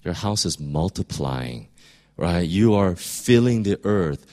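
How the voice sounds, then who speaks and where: A man's voice: low-pitched, expressive, slow, a little mellow. A man preaching a sermon in a conversational way, often repeating words and rising to emphatic peaks. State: voice straining, clearing throat. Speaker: pastor.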